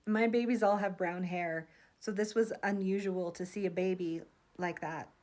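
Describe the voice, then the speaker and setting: A woman's voice: on the low side, fairly even intonation, moderate pace, a little mellow. A woman in her thirties, a psychic, telling a vivid dream to her viewers in an earnest, emotional vlog monologue. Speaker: psychic vlogger.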